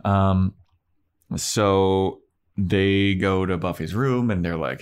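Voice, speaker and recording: Low-voiced man recapping a show. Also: smooth. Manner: relaxed storytelling, acting out characters in quick impressions. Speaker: podcast co-host. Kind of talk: casual chat, recapping an episode.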